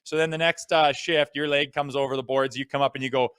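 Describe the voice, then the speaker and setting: Ex hockey guy cohosting, chill storyteller, smooth voice, dead dry sound. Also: medium pitch, fast talker, dry recording. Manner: relaxed, conversational storyteller. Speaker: co-host, former hockey player. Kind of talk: casual storytelling chat.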